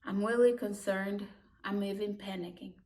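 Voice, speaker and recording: A woman telling a personal story about her own life in a halting, emotional way, with broken restarts. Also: medium pitch, fairly even intonation, darkish tone. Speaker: immigrant community worker. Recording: voice distant from the mic.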